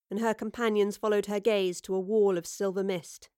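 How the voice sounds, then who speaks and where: A woman reading an audiobook in a measured storytelling style. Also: medium pitch, fairly even intonation, darkish tone, clean tone, dry recording, clean studio sound. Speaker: audiobook narrator. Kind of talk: scripted narration.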